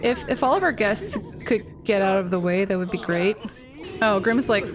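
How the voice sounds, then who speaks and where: A woman's voice: on the high side, big pitch swings, moderate pace, crowd noise. A woman giving casual game commentary, reacting aloud with lots of exclamations as events unfold.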